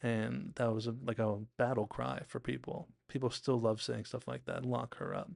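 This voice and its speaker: Gravelly-voiced man chatting enthusiastically. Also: medium pitch, flat delivery, moderate pace, darkish tone, no room sound. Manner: chatty, enthusiastic, acts out quotes, many "like"s. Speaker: TV recap podcast host. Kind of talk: casual episode analysis.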